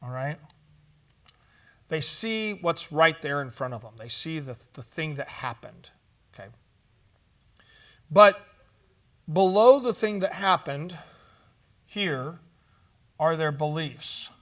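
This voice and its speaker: Guy teaching at a church conference, kinda high voice, chatty storytelling, lots of um and you know. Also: expressive, slow, pauses often, fairly bright tone. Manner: conversational storytelling with fillers and asides. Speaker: conference speaker.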